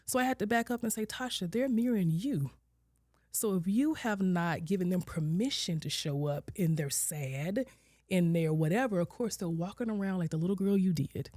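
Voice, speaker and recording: A woman in her forties, a social worker, telling her personal story as a podcast guest, candid, acting out her own and her children's words and sometimes dropping to a soft near-whisper. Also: fairly low pitch, normal speed, dry recording, studio quality. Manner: candid, quotes herself and her kids with lively shifts, drops to soft near-whispers. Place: podcast studio.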